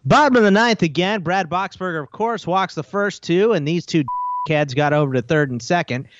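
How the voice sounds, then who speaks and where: A man's voice: sits high, expressive, moderate pace, dull audio, noisy background. A man doing an impression of a bitter, sarcastic baseball announcer calling the end of a game. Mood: sardonic. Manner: sarcastic, grumbling, crude.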